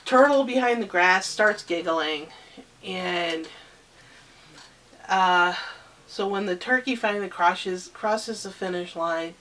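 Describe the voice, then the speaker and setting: A woman improvising a children's story, rambling and halting with many fillers and restarts. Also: fairly low pitch, fairly bright tone, recorded from a distance.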